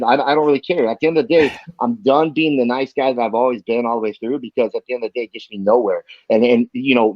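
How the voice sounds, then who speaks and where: A fired-up American man, a fighter, rants profanely and fast in an interview, his voice sitting at an ordinary middle pitch. The sound is dull and lo-fi, and it is dry with no room echo. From United States. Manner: fired-up, profane, rapid-fire. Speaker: bare-knuckle fighter guest. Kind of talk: heated interview rant.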